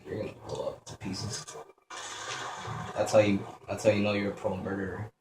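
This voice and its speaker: A man's voice: on the low side, normal speed. A young man giving profane, joking commentary while playing a video game and talking back at the enemies. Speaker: gameplay commentator. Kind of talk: let's play commentary. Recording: echoey room with steady noise.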